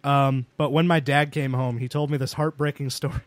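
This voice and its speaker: A man's voice: mid-range voice, steady tone, a little fast, no room sound. A young man casually telling rambling anecdotes with lots of fillers as a podcast co-host. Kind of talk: casual storytelling chat.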